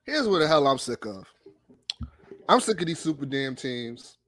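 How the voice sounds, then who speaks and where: A man hosting a podcast in casual chat, going off on a heated, profane sports rant between loud laughs. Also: mid-range voice, big pitch swings, normal speed, dry recording. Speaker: podcast host.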